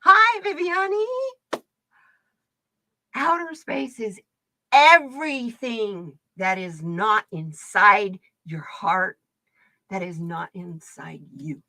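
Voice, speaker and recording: A middle-aged woman from the United States chatting casually with her stream viewers, telling animated stories and laughing often. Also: medium pitch, extremely slow, long pauses, dry recording. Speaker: livestream card reader host. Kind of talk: casual storytelling chat.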